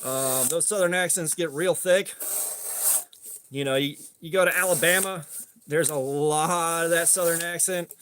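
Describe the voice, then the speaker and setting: A man's voice: fairly high pitch, steady tone, a little slow, a bit bright, a little hiss or hum. A middle-aged man hosting a casual livestream chat, rambling and swearing freely with a lot of filler. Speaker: host.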